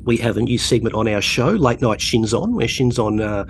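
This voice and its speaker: Lively gravelly Australian man. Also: medium pitch, moderate pace, a little hiss or hum. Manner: jokey, animated, breaks into silly voices. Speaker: podcast co-host. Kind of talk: casual chat.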